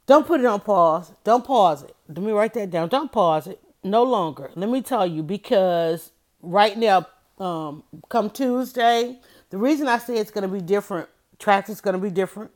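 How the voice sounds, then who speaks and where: A middle-aged woman hosts a motivational livestream at a moderate pace with a medium-pitched voice. She's animated and preachy, often telling listeners to write things down.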